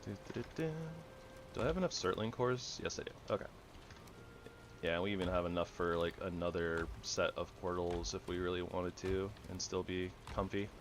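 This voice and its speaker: A man's voice: deep voice, normal speed, slight background noise. A man giving casual, rambling commentary over his gameplay, often correcting himself. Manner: rambling, self-correcting, relaxed. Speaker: gamer.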